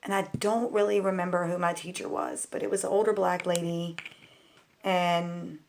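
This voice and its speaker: A woman's voice: fairly low pitch, level tone, moderate pace, creaky, a little mellow. A woman telling childhood stories to her viewers in a casual, rambling way, full of "like" and "um". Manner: chatty and candid, talks straight to viewers. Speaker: vlogger. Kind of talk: casual storytelling.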